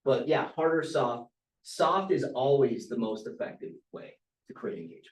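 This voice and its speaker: A man runs a training talk at a team meeting, chatty and anecdotal, sometimes lifting or dropping his voice to show inflection. His voice sits at an ordinary pitch for a man. The room echoes around him. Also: lively intonation, moderate pace. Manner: conversational storyteller who demonstrates vocal inflection. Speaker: real estate team trainer. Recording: roomy echo.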